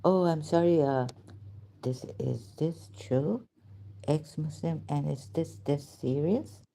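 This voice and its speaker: Woman, 50s, from Pakistan, slow rambling story, many fillers, very dark mellow voice. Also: deep voice, vocal fry, slight background noise. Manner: meandering, searching for words, many fillers, laughs and apologizes often. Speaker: channel host. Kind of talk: rambling personal storytelling to camera.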